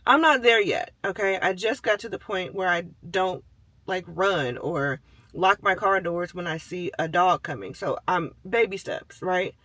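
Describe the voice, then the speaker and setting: Bright, high-voiced man telling a story. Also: a little slow, no echo. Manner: animated, acts out the voices of people and animals in his story; chatty, with many fillers like "like" and "you know". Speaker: vlogger telling a personal story. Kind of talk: casual storytelling.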